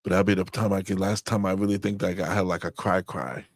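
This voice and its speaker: A man co-hosting a faith-based marriage podcast, speaking in a halting way as he searches for words. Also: deep voice, flat delivery, no echo. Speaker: podcast co-host. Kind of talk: casual faith-based chat about marriage.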